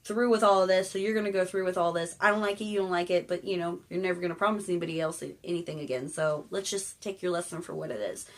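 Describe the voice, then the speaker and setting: A woman's voice: on the low side, steady tone, quick pace, few pauses, lightly acted. Woman playing a blunt lecturing king. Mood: exasperated. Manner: blunt, lecturing, casual slang. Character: blunt exasperated older male king.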